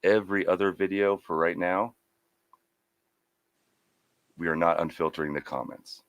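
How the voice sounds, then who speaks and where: This is a man with a deep voice co-hosting a relaxed livestream over a video call. He teases his partner, then turns plain and businesslike when he sets out rules. His sound is dry, with no room around it. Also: moderate pace, no room sound, lo-fi sound. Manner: teasing, businesslike about rules. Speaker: co-host. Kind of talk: casual livestream chat.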